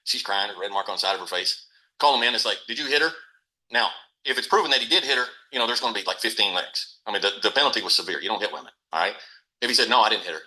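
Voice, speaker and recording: A man's voice: lowish voice, very fast, pushed and bright, low-quality recording. A middle-aged man, a podcast guest, telling a folksy, matter-of-fact story about raising his kids. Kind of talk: casual storytelling.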